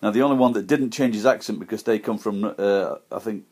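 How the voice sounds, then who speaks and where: A man's voice: lowish voice, a little mellow, slightly rough. Rambling Sheffield-accented man vlogging. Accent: Sheffield Yorkshire. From Sheffield, England. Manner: rambling, halting, with many restarts and pauses. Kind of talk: casual talk to camera. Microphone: iPad camera.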